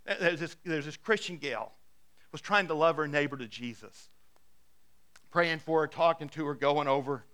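A male pastor delivers a sermon in a conversational, storytelling manner, often stumbling into quick restarts. His voice sits high for a man and has a bright, forceful edge. He sounds like he is speaking from the pulpit of a church. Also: clean tone.

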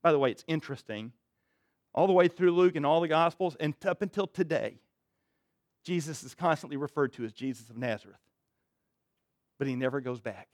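A man preaching a sermon in church, reading scripture and commenting in an emphatic, conversational way, dropping low and quiet to stress a point. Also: a little fast, long pauses, no room sound, clean studio sound. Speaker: pastor.

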